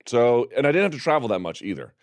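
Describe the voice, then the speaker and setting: An upbeat man hosting a sports talk show, chatting and joking. His voice moves lively up and down. The sound is close and dry. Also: mid-range voice, fast talker, dry recording. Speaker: podcast host.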